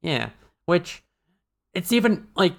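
Slow and creaky, his mid-range voice has a sing-song lilt. As a podcast co-host he chats casually and wryly, wandering off track with many fillers and restarts.

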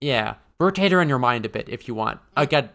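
Gravelly yet fairly bright, this mid-range voice has lively intonation and a fairly quick pace. The man co-hosts a podcast, chatting casually and wryly as he rambles through many fillers and restarts.

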